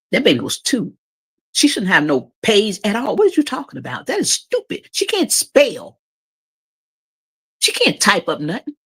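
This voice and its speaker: A woman's voice: deep voice, fairly bright tone, husky. A woman giving emotional, opinionated commentary on her channel, sarcastic and emphatic, repeating her points. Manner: emotional, says she cries easily. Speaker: commentary vlogger.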